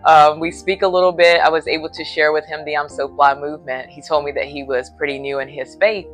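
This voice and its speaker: A woman's voice: sits low, little pitch movement, a little fast, soft background music. A woman preacher telling a personal faith story in a casual vlog from a hotel room, earnest and a little sleepy. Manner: earnest, faith-filled retelling.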